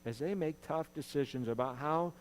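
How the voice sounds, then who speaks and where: A man's voice: fairly high pitch, normal speed, a little hiss or hum, rough recording. Earnest male pastor preaching a sermon. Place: church.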